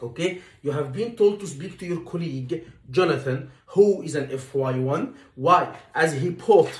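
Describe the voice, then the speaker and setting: A man with a fairly high voice coaches exam candidates, repeating points with emphasis and acting out what to say. He sounds a little distant from the mic, in a roomy, echoey space. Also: moderate pace. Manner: repetitive, emphatic, acts out dialogue lines. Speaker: medical exam tutor. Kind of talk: lecture teaching exam stations.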